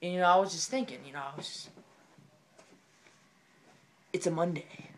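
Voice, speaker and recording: Excitable rambling man telling a funny story. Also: high voice, very fast, slight background noise. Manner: excitable, rambling, repeats phrases. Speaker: comedic storyteller. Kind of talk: comedic storytelling monologue.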